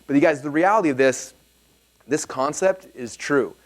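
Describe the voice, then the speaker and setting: A man presenting a seminar to a live audience, telling a story in an energetic, casual way with lots of "like" fillers. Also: fairly high pitch, normal speed.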